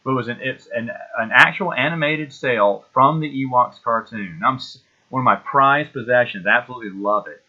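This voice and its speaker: A man in his forties talks in a loose, nostalgic ramble, stopping and restarting his sentences as he goes. His voice sits at an ordinary middle pitch. The recording sounds a little dull and lo-fi. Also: fairly quick. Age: 40s. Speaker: podcast host. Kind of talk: casual solo chat.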